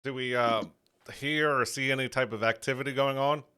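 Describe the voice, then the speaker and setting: A man's voice: mid-range voice, steady tone, brisk, bright, forceful tone, clear, resonant tone. A man playing in a tabletop game, joking and laughing as he chats. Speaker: player. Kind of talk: casual chat.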